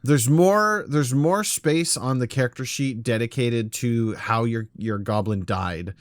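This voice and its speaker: A man's voice: mid-range voice, measured pace, no echo, studio quality. A man co-hosting a casual podcast, chatting enthusiastically with frequent restarts. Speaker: podcast co-host.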